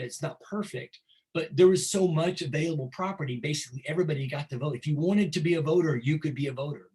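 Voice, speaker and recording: A middle-aged male teacher gives a history lecture in a loose, conversational way. His voice sits a little high for a man. He often stumbles and repeats words while he gathers his thoughts, then answers his own rhetorical questions. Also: poor audio.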